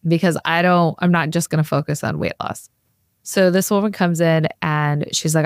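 Low-voiced chatty woman, dry sound. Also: steady tone, normal speed, no echo. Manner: chatty storyteller, many "like" fillers. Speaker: naturopathic practitioner guest. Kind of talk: casual interview chat.

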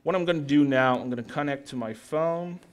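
A man presenting a live software demo to an audience, chatty and joking with the crowd between steps. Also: on the high side, fairly quick, clear, resonant tone. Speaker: tech conference speaker. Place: talk in front of an audience.

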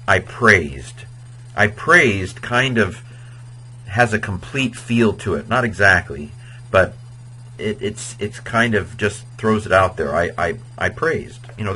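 Over a rough recording with a bit of hiss or hum, a man with a fairly low pitch and sharp tone teaches Latin grammar in a relaxed video lecture. His talk is chatty, digressive and filler-heavy, now and then chanting verb endings rhythmically.

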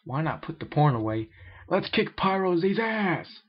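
An excitable male wrestling boss shouts in a high, jumpy voice, put on by a man reading aloud. The sound is muffled and lo-fi. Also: measured pace, breathy edge, full character voice. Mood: rallying.

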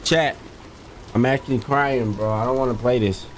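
A man's voice: mid-range voice, fairly even intonation, moderate pace, slight background noise. A young man streaming a horror game, jumpy and exclaiming as he talks to his chat. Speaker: gaming streamer. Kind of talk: live horror game commentary.

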